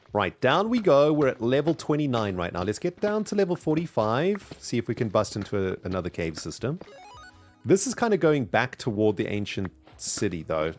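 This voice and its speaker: A man chatting casually while streaming a video game, upbeat and thanking his viewers as he plays. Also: fairly low pitch. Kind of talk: casual live-stream commentary.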